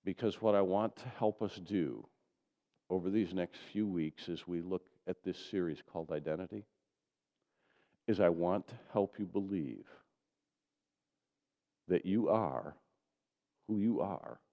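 A man preaching a sermon as pastor, swinging from loud declarations to soft, low asides. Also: measured pace, long pauses, dull audio. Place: church sanctuary.

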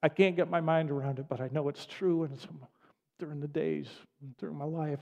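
A man's voice: a little high, fairly even intonation, a little fast, gravelly, dark tone, muffled recording. An older man preaching a sermon as pastor, speaking in an earnest, repetitive cadence. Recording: long reverb of a large hall.

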